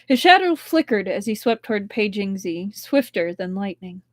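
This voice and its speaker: A woman reading a novel aloud on a live stream, expressive, with big changes in loudness. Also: medium pitch, normal speed, no room sound. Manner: expressive, with strong shifts in loudness. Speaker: book reader and livestream host.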